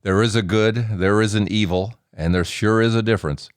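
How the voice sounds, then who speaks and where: A man's voice: lowish voice, fairly even intonation, a little fast, clean tone, no echo, clean studio sound. A man hosting a podcast who talks with a guest in an encouraging, reflective way. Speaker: podcast host. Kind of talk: conversational interview.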